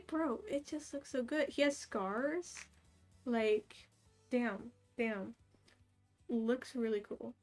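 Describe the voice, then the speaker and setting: A young woman streaming casually while she draws, rambling along with lots of "like" and little laughs. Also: fairly high pitch. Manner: rambling and chatty with frequent "like" and laughs. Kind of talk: casual chat while drawing. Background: faint background music.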